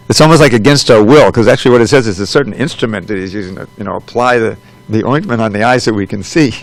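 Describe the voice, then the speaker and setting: A man's voice: medium pitch, dry recording, poor audio. A man reading a scripture commentary aloud and then lecturing on it in a loose, conversational way, with frequent asides. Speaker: temple class speaker.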